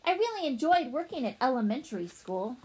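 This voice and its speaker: A woman's voice: sits high, sing-song, brisk, darkish tone, slightly rough, full character voice. A woman voicing a sentimental male alien teacher in a children's storybook, speaking earnestly and formally. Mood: earnest farewell.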